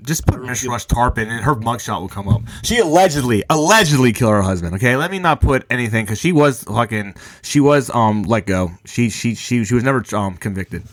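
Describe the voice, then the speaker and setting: A man in casual podcast chat, excitable, swearing often and calling people "bro". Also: medium pitch, fairly quick, hardly any pauses. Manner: excitable, swears a lot, says "definitely" and "bro".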